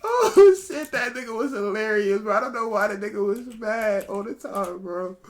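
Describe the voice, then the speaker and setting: A man's voice: high-pitched, fairly even intonation, a little fast, fairly bright tone. A man streaming a reaction to videos, talking in a laid-back, slangy, amused way. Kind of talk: casual reaction commentary.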